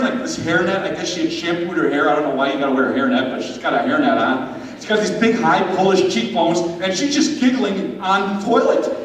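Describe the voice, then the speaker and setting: A man telling a story at a confirmation retreat, animated and speaking straight to his listeners. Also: high voice. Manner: animated, addresses listeners directly. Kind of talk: storytelling talk. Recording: echoey hall from far off with faint noise.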